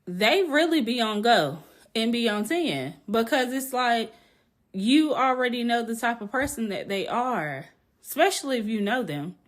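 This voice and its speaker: A woman hosting a casual podcast, telling a story in an animated, blunt way, laughing often and swearing casually. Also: a little high, unhurried. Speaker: podcast host.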